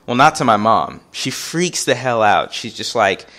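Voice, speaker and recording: A man telling a personal story in a casual storytime vlog, animated and acting out the voices of the people in it. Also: medium pitch, measured pace. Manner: animated, acts out quoted voices. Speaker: vlogger.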